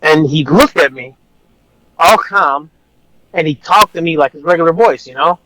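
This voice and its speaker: A man's voice: on the high side, normal speed, pushed and bright, no echo, low-quality recording. Man telling a story in a dry close voice. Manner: blunt, rambling, swears, repeats himself. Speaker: officer guest. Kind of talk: casual storytelling interview.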